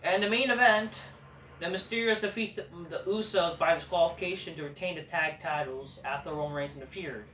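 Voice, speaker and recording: A man's voice: on the high side, brisk, pushed and bright, a little hiss or hum. A man hosting a casual review show, ranting in a sarcastic, profane, dismissive way. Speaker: host. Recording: roomy echo, far from the mic.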